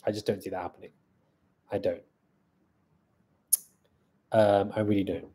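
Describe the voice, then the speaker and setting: A man's voice: on the low side, little pitch movement, a little slow, mellow, husky. A man hosting a live stream in a casual chat, reading out viewer comments, thanking viewers and answering them on the fly.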